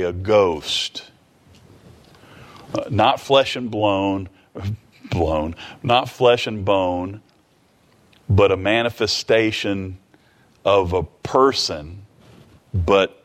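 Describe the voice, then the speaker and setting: Conversational male preacher, restless delivery. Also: lowish voice. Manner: conversational, animated, quick asides and restarts. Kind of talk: sermon.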